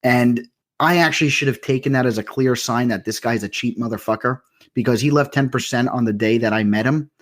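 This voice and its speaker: A man's voice: mid-range voice, a little fast. A young man co-hosting a podcast, telling stories in a loose, profane, laughing way. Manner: profane, storytelling, laughs often. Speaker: podcast co-host. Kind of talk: casual chat.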